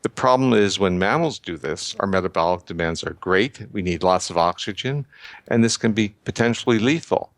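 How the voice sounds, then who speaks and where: An older man giving measured, lecturing explanations as an interview guest, often restarting his sentences. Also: low voice, expressive, dry recording. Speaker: guest researcher.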